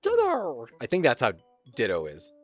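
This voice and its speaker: Man game streamer, chatty and self-mocking, lively pitch, strained throat, faint music behind. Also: moderate pace. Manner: chatty, laughing, self-deprecating. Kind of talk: casual gameplay commentary.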